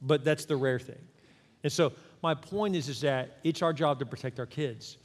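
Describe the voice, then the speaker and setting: A middle-aged man preaching a sermon in a church, animated and conversational, acting out quotes as he goes. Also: medium pitch, normal speed, in a large hall. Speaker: pastor. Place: church sanctuary.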